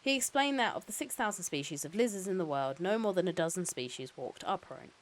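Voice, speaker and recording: A woman's voice: fairly low pitch, animated, brisk, poor audio. A woman streamer reading a novel aloud, breaking off now and then for casual, sweary asides.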